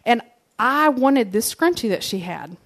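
Speaking a little slowly in a slightly high, animated voice, a woman gives a sermon full of personal stories. She is conversational and funny, talking straight to her audience.

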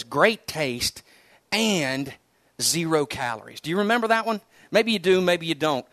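A middle-aged man from the United States preaching a sermon as pastor, in a conversational, animated storytelling way with frequent repeated words. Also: high-pitched, no echo.

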